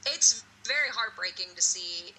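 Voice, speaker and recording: A woman co-hosting a podcast in casual chat, rambling and excitable with many restarts. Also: medium pitch, normal speed, a little hiss or hum, low-quality recording. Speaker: podcast co-host.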